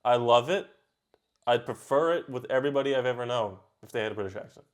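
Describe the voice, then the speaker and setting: In a casual reaction video, a man with an ordinary middle-pitched voice talks offhandedly back at the screen. He breaks in with quick outbursts as he goes.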